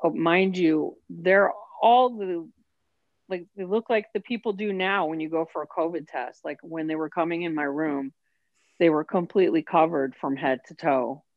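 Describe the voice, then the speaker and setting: A woman's voice: low voice, moderate pace, dry recording, lo-fi sound. A woman telling her own story as an interview guest, candid and emotional. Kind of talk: personal storytelling.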